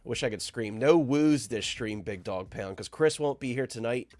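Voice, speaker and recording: Man, live stream host, nasal and congested, sick, upbeat shout-outs, dry close sound. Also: medium pitch, moderate pace, no room sound. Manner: upbeat, shouting out chat viewers.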